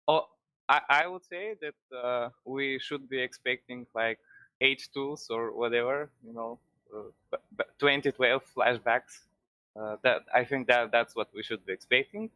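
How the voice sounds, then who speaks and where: A man's voice: mid-range voice, a little slow, sharp tone, no room sound. A man, not a native English speaker, calling in to a football stream, talking hesitantly with many restarts. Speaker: caller. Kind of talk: casual call-in chat.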